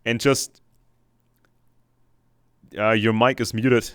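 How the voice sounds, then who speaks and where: This is a man talking in a video call. His voice is smooth and resonant, sitting at a mid pitch, and he stops mid-sentence to search for words. The recording is dry and close, with no room sound. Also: flat delivery, very slow, fairly bright tone, no echo.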